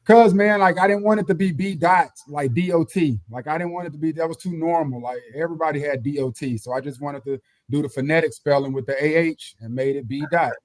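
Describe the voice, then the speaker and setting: A man guesting on a podcast, telling lively stories, swearing casually and acting out quotes loudly. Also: fairly high pitch, fairly quick, hardly any pauses, dry recording. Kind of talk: casual storytelling chat.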